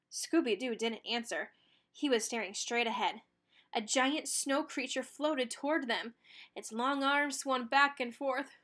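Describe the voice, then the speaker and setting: A woman narrating a children's picture book read-aloud with expressive storytelling. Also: fairly high pitch, measured pace.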